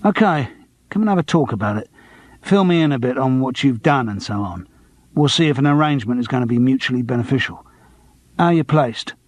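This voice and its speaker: A man's voice: medium pitch, animated, brisk, dry recording, lightly acted. A man voicing a businesslike talent agent with a Cockney accent. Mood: brisk. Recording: dry close studio.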